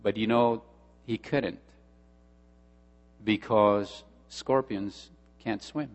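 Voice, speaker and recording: A male pastor preaching a sermon, emphatic, with dramatic pauses and repetition, in a church hall. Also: on the low side, steady tone, faint music behind. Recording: long hall reverb with mains hum.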